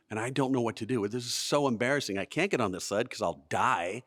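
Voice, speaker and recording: A man's voice: medium pitch, quick pace, few pauses, fairly bright tone. A man telling a self-deprecating, comic personal story live on stage before an audience. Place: museum event space before an audience.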